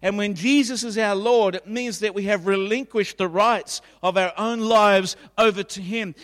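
High-voiced preaching man in a reverberant hall. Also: fairly bright tone. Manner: emphatic, repetitive preaching with acted quotes. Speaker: pastor. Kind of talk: sermon. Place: church.

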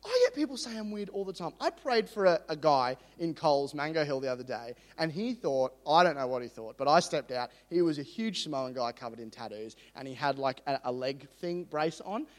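A man preaching a sermon with energetic, jokey, excitable delivery. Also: on the high side, a little fast, few pauses, in a large hall.

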